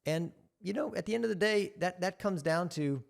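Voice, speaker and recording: A man's voice: high-pitched, moderate pace, creaky. A man talking earnestly and with passion as a guest on a podcast. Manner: earnest, impassioned. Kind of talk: casual conversation.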